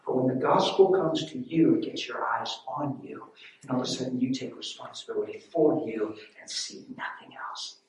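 A man preaching and telling his own testimony, emotional and storytelling, swinging between loud and hushed. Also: mid-range voice, moderate pace. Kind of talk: sermon. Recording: echoey hall from far off with faint noise.

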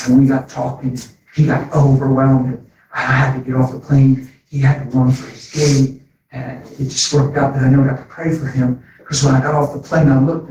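A man telling a story as a preacher, animated and excitable, often calling people "man". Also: medium pitch. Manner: animated, says "man" often, sped-up bursts. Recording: echoey hall from far off, faint noise.

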